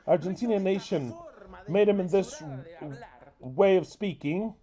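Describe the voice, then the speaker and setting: A man speaks over a sermon as its English interpreter, cursing and scolding with heavy emphasis. His voice sits high yet sounds dark and mellow, with almost no brightness to it.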